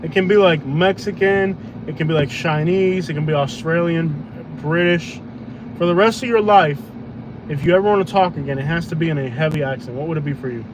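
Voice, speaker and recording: A man with a fairly high voice talks fairly quickly, joking and chatting loosely as he drives food deliveries on a live stream. His phone picks him up inside the car on the road, amid a noisy cabin.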